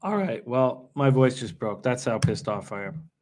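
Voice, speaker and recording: A man's voice: mid-range voice, fairly even intonation, normal speed, background noise. A man streaming live horse race betting, talking to his chat and muttering curses when his horse fails. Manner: frustrated, swearing, muttering to himself.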